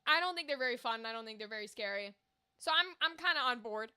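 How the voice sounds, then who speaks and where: A woman streamer chatting casually with her viewers, animated and profane, quick to exclaim. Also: a little high, clean tone. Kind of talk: casual livestream chat.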